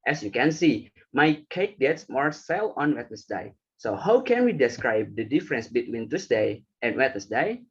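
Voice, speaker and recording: A man's voice: medium pitch, sing-song, moderate pace, hardly any pauses, breathy edge, highs cut off. A young man giving a class presentation, reading from slides with some hesitant fillers. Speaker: student presenter.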